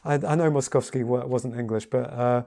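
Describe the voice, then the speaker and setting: A man giving a casual piano lesson, talking in a halting way with many repeated words and fillers. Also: medium pitch, fairly even intonation. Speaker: piano teacher. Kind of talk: casual spoken tutorial. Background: piano playing between remarks.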